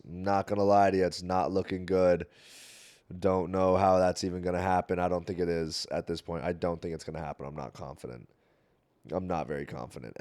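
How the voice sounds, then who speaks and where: A young man hosting a podcast in a casual solo rant, full of swearing and rambling, moving between low mumbles and loud outbursts. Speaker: podcast host.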